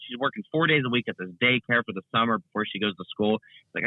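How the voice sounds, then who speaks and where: Racing through his words, this young guest content creator chats casually in an interview, rambling with many fillers and restarts. His medium-pitched male voice is animated. He comes through a remote call on a tinny, phone-like connection.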